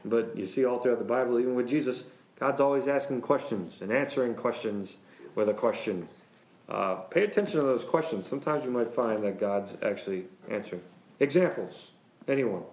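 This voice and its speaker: Joking pastor teaching in an echoey room. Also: male voice, medium pitch, brisk. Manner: lively, joking, chuckles often, talks straight to the class. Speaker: pastor teaching a church class. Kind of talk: casual Bible class teaching. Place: church classroom. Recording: roomy classroom echo.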